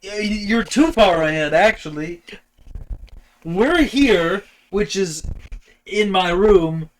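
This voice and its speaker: A young man hosting a casual podcast, sarcastic and crude, with a deadpan delivery. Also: high voice, slow, poor audio. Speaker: podcast host. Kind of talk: casual joking chat.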